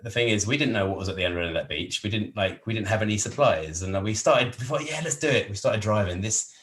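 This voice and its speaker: An English man, a podcast guest, telling a long travel anecdote in a casual, animated, rambling way with frequent laughs. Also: fairly low pitch, fast talker. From England.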